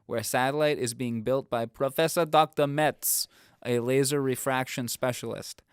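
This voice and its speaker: A man co-hosting a film podcast in casual chat, reading a plot recap before ribbing his friends with mock offense. His voice is smooth and clean at a middling pitch. The recording is dry and close. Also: fairly even intonation, normal speed, no echo. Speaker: podcast co-host.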